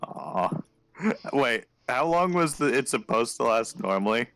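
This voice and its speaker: A man's voice: mid-range voice, lively intonation, a little slow, a bit bright, smooth, dry recording. A man playing a tabletop game online, easygoing and chuckling in casual chat. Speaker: player.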